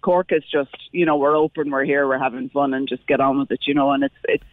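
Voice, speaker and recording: A woman's voice: a bass voice, little pitch movement, fast talker, no room sound. A woman calling in to a radio show, earnest and enthusiastic. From Ireland, Dublin. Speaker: radio caller. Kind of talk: phone-in chat. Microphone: phone. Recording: tinny phone line.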